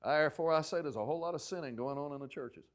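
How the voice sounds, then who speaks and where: A man preaching a sermon as pastor, telling stories with acted-out quotes and swinging from loud outbursts to near-whispers. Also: on the high side, fast talker. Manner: animated storytelling preacher, acting out quotes loudly then dropping to a hush.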